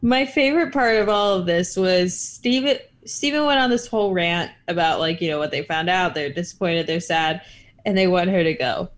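A woman's voice: lowish voice, normal speed. A woman co-hosting a reality TV recap podcast, speaking in a wry, mock-formal way. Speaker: podcast co-host. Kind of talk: casual chat.

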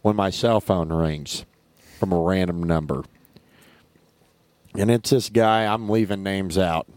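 A man tells a story on a casual chat show with a dry, wry wit. His voice sits on the low side and sounds close and dry, with no echo. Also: a little slow, darkish tone. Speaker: podcast co-host.

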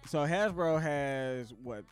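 Smooth-voiced joking podcast co-host. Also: male voice, fairly high pitch, takes it slowly, faint music behind. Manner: joking, easygoing banter. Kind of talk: casual chat.

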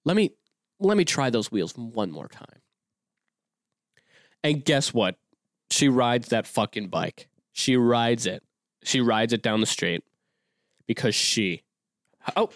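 On his solo podcast, a twentysomething man speaks slowly in a mid-range, sing-song voice with a fairly bright tone, pausing often. He rambles casually with many restarts and fillers, recorded at studio quality with no echo.

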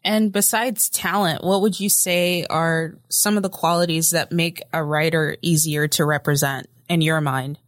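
A woman's voice: low-pitched, steady tone, measured pace, hardly any pauses, no echo, studio quality. A woman hosting a podcast, putting brief, plain questions to a guest. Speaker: podcast host. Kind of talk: interview questions.

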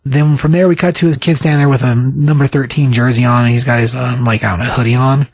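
A man's voice: mid-range voice, steady tone, fast, darkish tone, breathy edge, no room sound. A man casually recapping a comic book scene by scene, rambling with many fillers.

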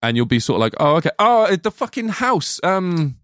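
A man in casual podcast chat, picking apart a film with energy and plenty of swearing. His pitch jumps around a lot as he explains. The sound is close and dry. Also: no echo. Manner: animated, swearing, quick explanatory bursts. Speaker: podcast co-host.

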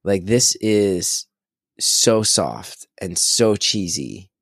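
A man in his thirties chatting casually, animated and excitable, swearing freely as he tells stories. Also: sits low, drawn-out words, breathy edge, dry recording, studio quality. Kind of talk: casual conversation.

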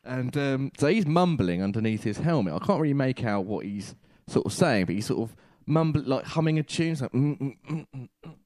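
A man telling an absurd comic story, laughing and shouting in the quoted voices. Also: medium pitch, very animated, a little fast, hardly any pauses, no echo.

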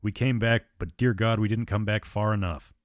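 A grim male crew officer cuts in with blunt, grave certainty. His voice is lowish and recorded dry and close. A man voices him plainly. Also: fairly even intonation, normal speed, no room sound, lightly acted.

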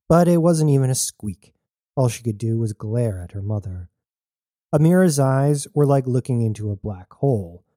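A man narrating an audiobook in measured, deliberate phrases with pauses. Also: medium pitch, warm tone, dry recording, studio quality.

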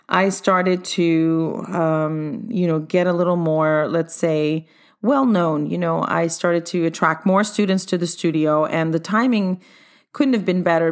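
Upbeat woman telling her own story. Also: low-pitched. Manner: upbeat, chatty, addresses listeners directly. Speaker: dance studio owner. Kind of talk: personal storytelling monologue.

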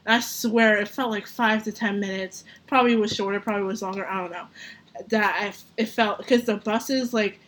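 A woman's voice: mid-range voice, fairly quick. A young adult woman hosting a podcast, telling a story casually with swearing and frequent laughter. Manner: animated, profane, laughs often. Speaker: podcast host.

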